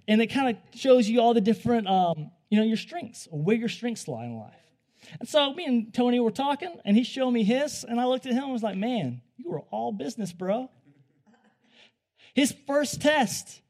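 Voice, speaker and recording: Young guy preaching, high voice, chatty and jokey, trips over his words. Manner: animated, joking, with quick restarts. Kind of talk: conversational sermon.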